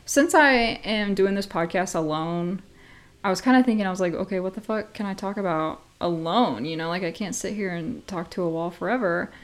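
Woman, 20, from Missouri, solo podcast host, chatty filler-heavy delivery with excited pitch jumps. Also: moderate pace. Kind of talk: solo casual podcast chat.

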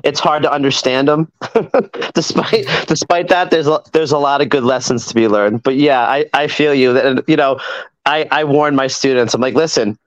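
A man's voice: mid-range voice, fairly even intonation, moderate pace. A man guesting on a podcast speaks in an earnest, reflective way, tripping over and repeating his words. The sound is dry, with no room echo, and a little dull at the top end. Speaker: guest, martial arts instructor. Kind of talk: casual interview chat.

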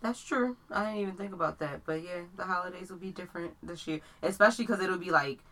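Bright-toned young woman chatting casually. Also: fairly low pitch, quick pace. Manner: chatty, laughs often, relaxed slang. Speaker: podcast co-host. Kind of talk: casual chat.

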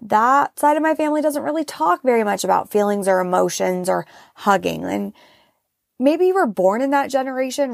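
Frank, gravelly-voiced woman podcast host. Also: on the high side, animated, moderate pace, no room sound, clean studio sound. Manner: frank and chatty, swears casually. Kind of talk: casual solo podcast talk.

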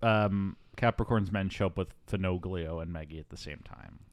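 A man's voice: low-pitched, moderate pace, dry recording, studio quality. A man co-hosting a podcast, retelling a movie plot in casual chat, laughing and acting out characters' lines with mock outrage. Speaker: podcast co-host.

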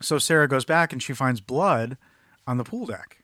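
A man's voice: medium pitch, moderate pace, fairly bright tone, no echo. Rambling, jokey man talking films. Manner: rambling, jokey, self-interrupting. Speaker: podcast co-host. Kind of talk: casual film discussion.

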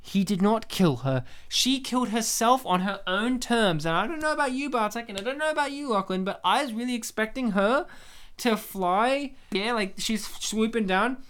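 Man, podcast host, casual comedic chat, rambling, joking, smooth clear voice. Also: sits high, expressive, moderate pace, fairly bright tone.

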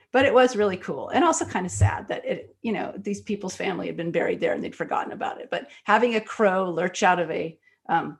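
In a conversational interview, a female author and screenwriter with a voice on the low side tells her stories quickly and with animation, using many fillers along the way.

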